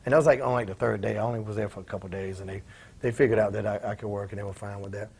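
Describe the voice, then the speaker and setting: A man's voice: on the low side, steady tone, very fast, vocal fry, darkish tone, slightly rough. A man in his forties, a former pro wrestler telling profane stories in an interview and acting out the voices of the people in them. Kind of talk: casual storytelling in a shoot interview.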